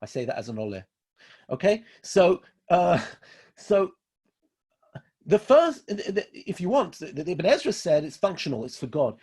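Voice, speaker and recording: Husky-voiced man teaching with emphasis. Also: high-pitched, sing-song, normal speed, darkish tone. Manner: emphatic, repeats key phrases for stress. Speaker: rabbi teaching a class. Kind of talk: Torah lecture.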